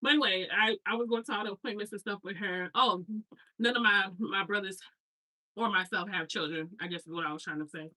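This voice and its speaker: A hair stylist in her thirties chats casually while unpacking, telling rambling family stories with slangy asides. Her medium-pitched voice is pushed and bright, a little fast, and the recording is rough.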